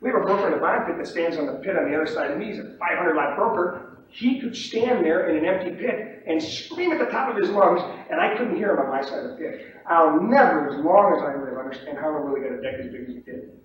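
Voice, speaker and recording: A man's voice: a little high, lively intonation, fast talker. Man lecturing emphatically in an echoey room. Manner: emphatic and repetitive, checks in with "okay?". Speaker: commodities trading instructor. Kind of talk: seminar lecture. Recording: echoey room, distant mic, dull lo-fi, faint hiss.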